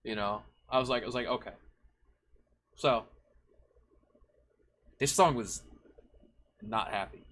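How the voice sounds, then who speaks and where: A man's voice: fairly low pitch, slow pace, pauses often, fairly bright tone. A young man and songwriter talking casually, rambling reflectively and using many fillers. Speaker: songwriter, stream co-host. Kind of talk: casual chat.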